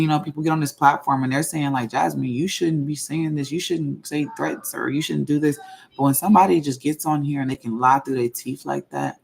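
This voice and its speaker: Gravelly-voiced woman venting calmly. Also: rumbling low. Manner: slow, measured venting, repeats herself. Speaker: channel host. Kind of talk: casual livestream talk.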